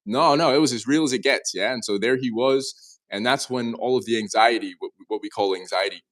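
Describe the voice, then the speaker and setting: A man in his twenties, a guest in a casual interview, telling his story in an animated way and often restarting his sentences. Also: medium pitch, fairly quick. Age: 20s.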